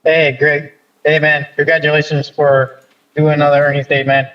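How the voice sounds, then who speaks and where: A man calling in to a livestream, talking in a halting, rambling way with many fillers. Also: on the high side, level tone. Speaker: caller. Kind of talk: casual chat. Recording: dull choppy call line.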